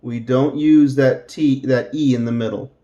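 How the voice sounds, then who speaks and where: A middle-aged man teaching English slowly to Spanish speakers, repeating each word and adding Spanish glosses. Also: medium pitch, fairly even intonation, warm tone, dull audio.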